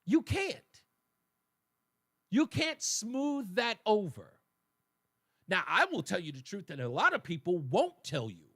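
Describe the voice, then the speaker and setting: A man's voice: high-pitched, huge pitch swings, a little slow, long pauses, sharp tone, breathy edge, no echo. A man hosting a talk radio show, delivering a colloquial opinion monologue with mocking asides into a studio microphone.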